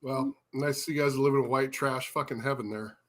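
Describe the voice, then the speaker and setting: A man's voice: medium pitch, fairly even intonation, a little fast. A man hosting a podcast, joking around with his co-hosts over a video call, teasing and swearing. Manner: teasing, profane banter. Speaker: podcast host. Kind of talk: casual chat.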